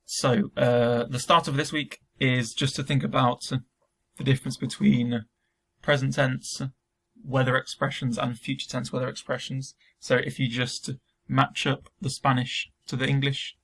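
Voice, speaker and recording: A man's voice: mid-range voice, flat delivery, measured pace, a bit bright. A man teaching a recorded remote Spanish lesson to school students, explaining step by step with frequent ums.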